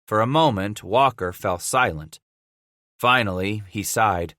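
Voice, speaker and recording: A man reads a western audiobook in a steady, measured way. His voice is bright and crisp. The recording is dry and close. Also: fairly low pitch, dry recording. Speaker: audiobook narrator. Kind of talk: scripted audiobook narration.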